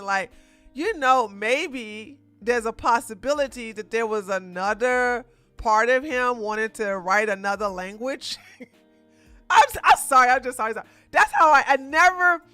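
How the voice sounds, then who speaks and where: A woman streamer talks through a show review in a loose, casual way. Her voice is bright and forward, and the sound is close and dry. She is animated, breaks into laughs often and keeps restarting her sentences. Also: on the high side, clear, resonant tone, no echo. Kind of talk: casual livestream commentary.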